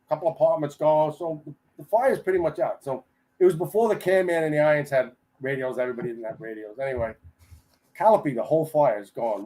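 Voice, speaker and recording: An older man, a retired firefighter, telling stories as a guest in a casual podcast interview, animated and chatty and acting out the people in them. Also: medium pitch, low-quality recording. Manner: animated storyteller who acts out the people he quotes; chatty, with frequent restarts.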